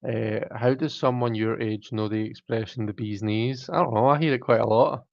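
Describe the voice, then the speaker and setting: A man's voice: mid-range voice, steady tone, moderate pace, creaky, no room sound, lo-fi sound. A man with a British accent hosting a live stream, casually reading viewer comments aloud and chatting back in a self-mocking way. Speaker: livestream host.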